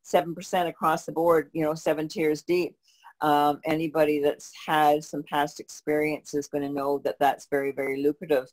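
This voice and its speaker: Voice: mid-range voice, level tone, normal speed. A co-host answering questions in a casual chat, explaining steadily with frequent false starts and fillers. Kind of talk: casual conversational Q&A.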